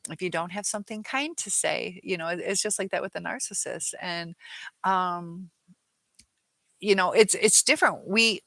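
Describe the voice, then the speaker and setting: A woman's voice: lowish voice, pushed and bright, dry recording. A woman, a teacher, talking casually on a livestream with lots of fillers, acting out quoted lines and reading viewer questions. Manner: rambling, many fillers, acts out quoted lines in a livelier voice. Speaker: teacher and relationship-advice creator.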